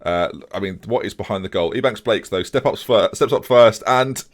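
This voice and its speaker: A young man commentating his own video game match, fretting one moment and shouting the next. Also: medium pitch, moderate pace. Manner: excitable, swings from fretting to shouting.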